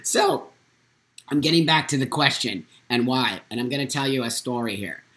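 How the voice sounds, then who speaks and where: A man's voice: medium pitch, normal speed. Candid man hosting a casual chat. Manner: animated storyteller, candid and blunt. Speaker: host. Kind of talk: casual live talk show chat.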